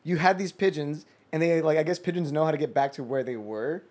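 A man explaining things haltingly in a casual group chat, often restarting. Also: on the high side, a little mellow.

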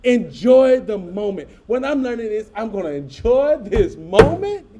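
A middle-aged man, a pastor telling a folksy story to his congregation with lively asides. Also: sits high, a little slow, muffled recording. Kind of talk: storytelling sermon.

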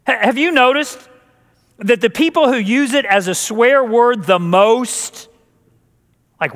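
A male pastor preaches a sermon with a jokey touch and often repeats words as he restarts his sentences. His voice sits high for a man. The sound rings out with the long reverb of a church hall. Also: slow, long pauses, fairly bright tone.

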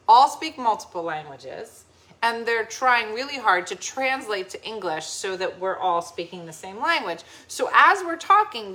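A woman from New Jersey, a little tipsy, telling a story in casual chat and acting out the voices of the people in it. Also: medium pitch. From New Jersey, USA. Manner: animated, laughing storyteller acting out quoted voices.

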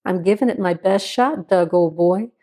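A woman voicing a male deputy who teases his partner in a deadpan way, in a story reading. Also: lowish voice, moderate pace, natural voice. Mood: teasing. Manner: deadpan teasing. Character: joking male deputy, dry teasing humor. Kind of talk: audiobook reading.

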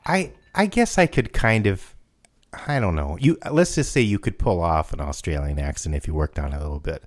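Guy with a low voice that swings up and down, cracks teasing jokes in a laid-back chat. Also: animated, brisk. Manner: joking, teasing, dry asides. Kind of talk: casual chat.

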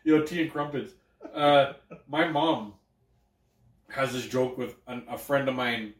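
A man's voice: mid-range voice, measured pace, far from the mic. A man co-hosting a podcast in casual chat, rambling, swearing and laughing often. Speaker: podcast co-host. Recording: roomy, from off-mic.

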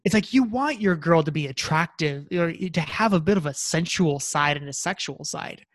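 A man's voice: fairly high pitch, lively intonation, moderate pace, fairly bright tone, no echo, clean studio sound. A man co-hosting a podcast, rambling earnestly in casual chat about a reality show. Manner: rambling, lots of fillers and restarts, earnest. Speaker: podcast co-host.

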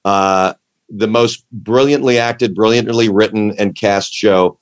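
A man with a lowish voice chatting casually. He rambles and restarts his sentences, warmly enthusiastic as he goes. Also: fairly even intonation, unhurried, smooth. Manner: rambling, self-interrupting, enthusiastic. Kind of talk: casual chat.

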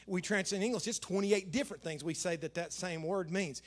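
Middle-aged male pastor, high voice, chatty sermon delivery with emphatic scripture readings. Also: fairly quick. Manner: conversational preaching with repeated phrases and emphatic scripture quotes.

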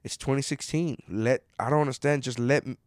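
Guy in his 30s going off, swearing a lot, dry close sound, jumps from mumbling to yelling. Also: medium pitch, fairly even intonation, a little fast, dry recording. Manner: profane, swings from mutters to loud outbursts. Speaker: commentator reading an article. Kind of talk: casual rant.

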